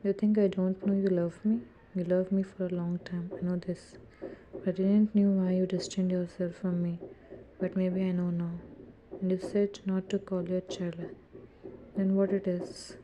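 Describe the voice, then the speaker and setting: Brief: a woman reading a calm, teasing young man in love, lowish flat voice, noisy home recording. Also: moderate pace, natural voice. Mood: tender.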